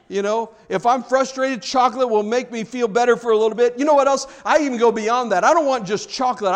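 A man with a high, light voice preaches a sermon to his congregation. He talks in a relaxed, chatty way and jokes with the people in front of him. He builds to fervent, pressing emphasis as the sermon goes on. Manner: conversational, rising to fervent emphasis. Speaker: pastor.

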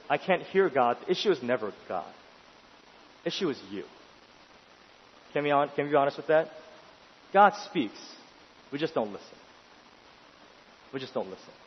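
A man preaching a sermon with emphatic delivery, pushing his voice up into urgent questions and then dropping to a hush. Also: a little high, big pitch swings, normal speed, pauses often, a little hiss or hum. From New York City. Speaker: pastor. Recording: dull, lo-fi sound in a long-reverb hall.

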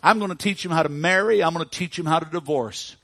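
A man's voice: mid-range voice, normal speed, slightly rough, no echo. A man voicing a gloating male devil who brags about ruining people. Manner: gloating and taunting.

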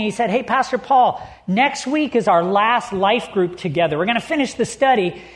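A man preaching as a pastor, telling a personal story with humor and acting out the people in it before reading scripture. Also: high voice. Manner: lively storyteller, acts out quotes, laughs easily.

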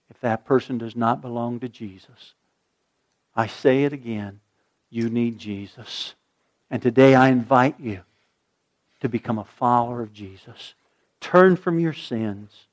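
A male pastor preaching a sermon, swinging from loud emphatic lines to a hushed, slow prayer. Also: mid-range voice.

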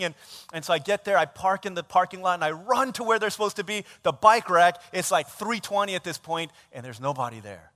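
A man preaching as a pastor, an animated, self-mocking storyteller, in a church sanctuary. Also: high-pitched, fast. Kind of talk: sermon storytelling. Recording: long church reverb.

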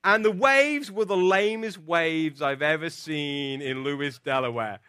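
A man with a bright, high voice preaches to his congregation, telling a personal story with lively, animated energy. His voice sounds close and dry, with little room around it. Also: measured pace, clear, resonant tone, dry recording. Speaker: pastor. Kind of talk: sermon with storytelling.

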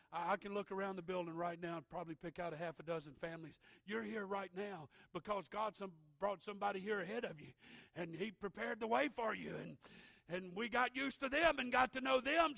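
A middle-aged man delivers a sermon in a high, gravelly, bright voice. He swings between shouted preaching and hushed, intense stretches. The sound is dry and close. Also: dry recording. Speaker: pastor.

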